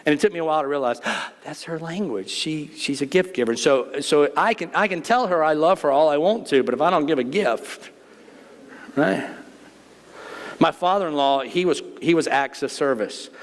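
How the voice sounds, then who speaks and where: Man, middle-aged pastor, joking folksy sermon, slightly high voice, long church reverb. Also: expressive, moderate pace. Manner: joking, folksy, talks straight to the congregation. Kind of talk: conversational sermon. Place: church sanctuary.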